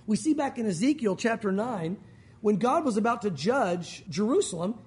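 Male pastor with a very high, husky voice, preaching in a chatty, joking style. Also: lively intonation, normal speed, darkish tone. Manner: conversational, joking asides. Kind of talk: sermon.

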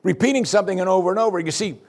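A man preaching a sermon, animated and humorous, acting out the scenes he describes. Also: racing. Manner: animated, acts out the chanting with raised pitch and volume, dry humor. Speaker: pastor.

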